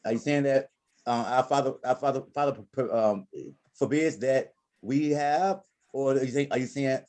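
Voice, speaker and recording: A man's voice: medium pitch, normal speed, a little mellow. A man teaching a Spanish class, correcting students patiently and repeating his words. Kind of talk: online class instruction.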